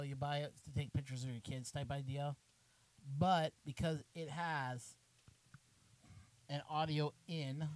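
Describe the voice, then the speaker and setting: Middle-aged host from Canada, slightly high voice, rambling and jokey mic-check chatter on a cheap wireless mic. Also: male voice, poor audio. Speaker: maker channel host. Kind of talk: casual mic test livestream. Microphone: cheap wireless microphone.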